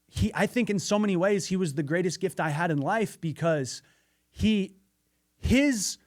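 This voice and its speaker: A man with a slightly high voice speaks to his listeners in an earnest, candid way. He tells a personal story as a motivational monologue and now and then lets a swear word slip. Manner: earnest, candid, occasional profanity. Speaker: podcast host.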